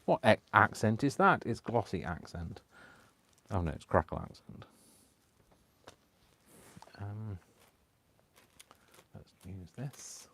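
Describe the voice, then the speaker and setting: A man with a deep, low voice chats casually through a live crafting session. He rambles and talks to himself as he works. He apologizes often and keeps the talk loose and unscripted. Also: animated, slow pace, gravelly, pauses often, a bit bright. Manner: rambling, self-talking, apologetic. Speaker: craft channel host.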